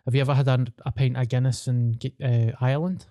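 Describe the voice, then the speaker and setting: A man's voice: medium pitch, little pitch movement, fast, mellow, no echo, clean studio sound. A young Glaswegian man in casual, sweary podcast banter. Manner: sweary, laid-back banter. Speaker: podcast co-host. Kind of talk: casual chat.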